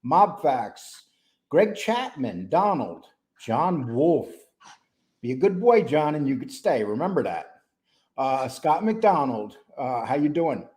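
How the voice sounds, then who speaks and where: A man hosting a casual live-stream show, greeting chat viewers by name in a relaxed, rambling way. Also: a little high, slow. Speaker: host.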